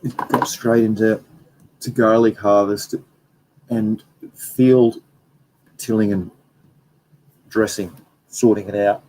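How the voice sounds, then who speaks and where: Aussie bloke rambling on his livestream, lowish warm voice, bit of hiss in the background. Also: fairly even intonation, slow pace, pauses often, rough recording. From Australia. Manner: rambling, reads out viewer comments. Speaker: livestream host. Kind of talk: casual livestream chat.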